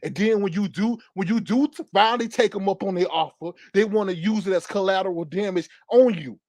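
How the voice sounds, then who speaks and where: A man's voice: sits high, brisk, a little mellow, dry recording. A man hosting a livestream, angrily ranting in a profane, repetitive way. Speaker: livestream host. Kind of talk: heated livestream rant.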